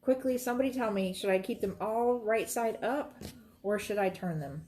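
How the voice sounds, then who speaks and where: A woman's voice: mid-range voice, moderate pace, a little mellow. A woman, chatting and rambling to viewers while she demonstrates quilting, talking straight to her audience. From Florida. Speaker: quilting livestream host.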